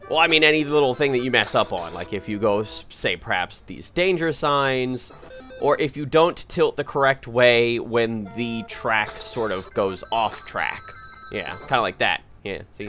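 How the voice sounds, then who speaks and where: A man giving casual, rambling commentary over a video game he is playing, often correcting himself and breaking into excited outbursts. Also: medium pitch. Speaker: let's play host. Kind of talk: gameplay commentary. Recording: faint game music behind.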